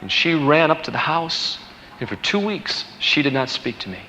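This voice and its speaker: A man telling a personal story in an animated way, rushing through exciting moments and dropping low and quiet at grave ones. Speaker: guest speaker telling a story. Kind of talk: storytelling from a played recording. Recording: dull, echoey played recording with faint noise.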